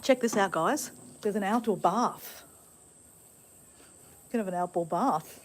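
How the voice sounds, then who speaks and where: A woman's voice: mid-range voice, a little slow, slight background noise. An Australian woman chatting upbeat to her live-stream viewers from a backyard. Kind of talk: casual live-stream chat. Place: outdoors in a backyard with chickens.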